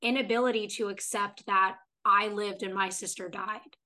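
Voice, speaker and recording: A woman's voice: mid-range voice, fairly even intonation, moderate pace, pushed and bright. A woman co-hosting a podcast, chatting casually and retelling TV scenes at length. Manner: retells scenes at length, reading out characters' lines. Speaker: podcast co-host. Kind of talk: casual chat recapping a TV episode.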